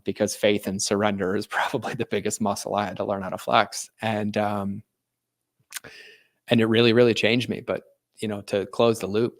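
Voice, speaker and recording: Guy with a low, pretty monotone voice, opening up on a podcast, lots of "like"s and restarts. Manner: earnest, frequent "like" fillers and restarts. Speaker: podcast guest, entrepreneur. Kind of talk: candid personal storytelling.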